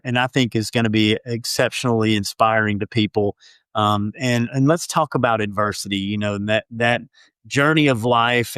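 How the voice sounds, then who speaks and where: A male podcast host speaks in a conversational, encouraging tone at a middle pitch. The recording is dry and close. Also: a bit bright, smooth, dry recording. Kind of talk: interview questions.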